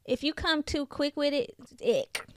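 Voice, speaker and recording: A woman's voice: sits high, unhurried, dry recording. A woman with a small, sweet voice co-hosting a podcast in casual chat, goofy and frank. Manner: goofy, frank, swears freely. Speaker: podcast co-host.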